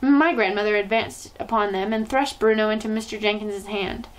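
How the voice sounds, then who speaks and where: A woman storyteller reading a children's novel aloud in an expressive, lively way. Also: mid-range voice, normal speed, low-quality recording.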